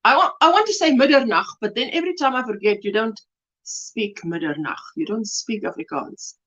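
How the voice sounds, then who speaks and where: A woman's voice: fairly high pitch, expressive, normal speed, fairly bright tone, muffled recording. A woman hosting a casual crochet livestream, chatting and greeting viewers by name, with frequent laughter. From South Africa. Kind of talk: casual live-stream chat. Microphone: webcam.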